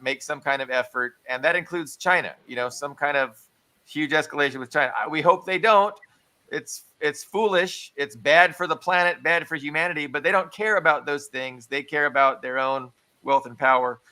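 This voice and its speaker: A man's voice: fairly high pitch, normal speed, sharp tone. A man co-hosting a casual political discussion podcast, talking earnestly and thinking aloud. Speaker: podcast co-host.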